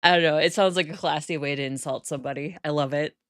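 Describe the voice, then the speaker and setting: A woman's voice: deep voice, very animated, normal speed, no echo. A woman from the northern United States with an accent close to Canadian, chatting casually with her viewers while playing a life-sim game and laughing often. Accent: northern US, near Canada. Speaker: Sims gameplay streamer.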